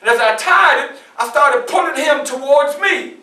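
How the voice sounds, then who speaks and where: A man performing as Frederick Douglass, telling his story in the first person with animated, often shouted storytelling to a live audience. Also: extremely high pitch, moderate pace, recorded from a distance. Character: Frederick Douglass, a defiant young man escaping slavery. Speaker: historical portrayer. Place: public library event room. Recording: echoey room, mic from afar.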